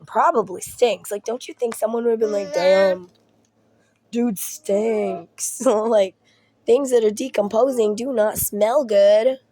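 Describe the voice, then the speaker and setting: A woman's voice: on the high side, normal speed, dark tone. A woman in her thirties with a Southern US accent, chatting casually at home as a mom vlogger, rambling and swearing through her stories. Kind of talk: casual storytelling chat.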